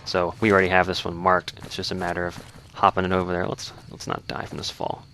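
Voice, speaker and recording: Deep-voiced man narrating gameplay casually. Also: completely flat delivery, quick pace, sharp tone, slight background noise. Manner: easygoing, rambling, self-correcting. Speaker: let's play host.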